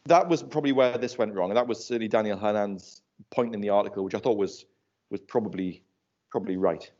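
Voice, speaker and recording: A man's voice: on the low side, fast, a little mellow. A man chatting casually on a finance podcast panel, telling anecdotes and laughing often. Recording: slightly muffled audio.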